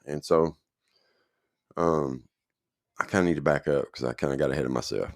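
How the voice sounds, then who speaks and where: A man's voice: very deep voice, normal speed, dry recording, studio quality. A man hosting a show and telling his own story in a loose, rambling way, often checking that the listener is following. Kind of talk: casual spoken storytelling.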